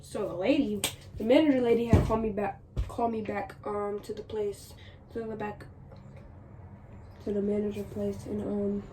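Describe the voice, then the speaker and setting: Animated woman telling a story, distant mic. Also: mid-range voice, moderate pace. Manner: animated, exasperated, repeats herself. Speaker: vlogger. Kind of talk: casual storytime. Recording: distant mic with noisy background.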